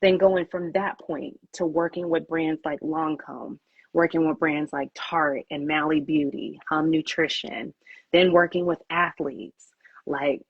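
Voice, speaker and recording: A woman's voice: deep voice, fairly even intonation, a little slow, husky, dry recording, dull audio. A woman who founded a PR agency, answering interview questions with candid storytelling and acting out her own inner thoughts.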